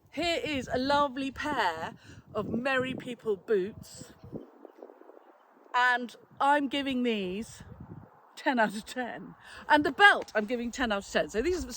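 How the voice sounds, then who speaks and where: A woman, a flower farmer and florist, giving a chatty, cheerful product review and laughing often. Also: fairly high pitch.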